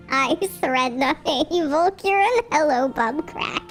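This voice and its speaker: A woman doing a high, squeaky baby-talk voice, drawled slowly and dissolving into giggles, with faint music playing underneath. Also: lively intonation, heavily acted. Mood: silly. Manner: giggly, breaks into laughter.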